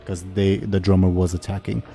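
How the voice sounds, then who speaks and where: A man's voice: sits low, flat delivery, fairly quick, creaky, mellow, faint music behind. A man running a tabletop game as game master, narrating with hesitant fillers.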